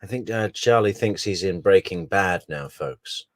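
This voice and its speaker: A man's voice: deep voice, a little slow, no room sound. A man giving true crime commentary over played recordings, with dry, mocking asides.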